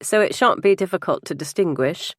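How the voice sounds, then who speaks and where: Lady narrator doing a smooth young english nephew, posh and cheeky, storybook read. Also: fairly low pitch, expressive, fairly quick, dry recording, studio quality. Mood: charming. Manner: polished, playful.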